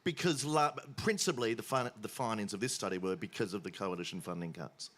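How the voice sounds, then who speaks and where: A man interviewing a guest in an onstage conversation, asking measured questions with some restarts. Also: lowish voice, fairly bright tone. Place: festival stage.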